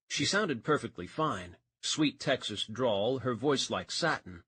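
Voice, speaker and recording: A man's voice: medium pitch, lively intonation, a little slow, hardly any pauses, pushed and bright, slightly rough. A man narrating a romance audiobook, reading expressively and changing voice for each character.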